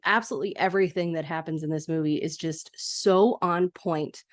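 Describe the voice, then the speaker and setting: Lady podcaster gushing over an old movie, lowish voice, lots of oh my gosh energy. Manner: chatty, excitable, laughing asides. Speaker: podcast host. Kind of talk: casual movie rewatch recap.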